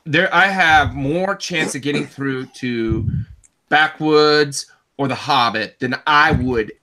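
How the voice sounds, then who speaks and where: Man, casual radio panel chat, exasperated, halting speech, bright tone. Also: fairly high pitch.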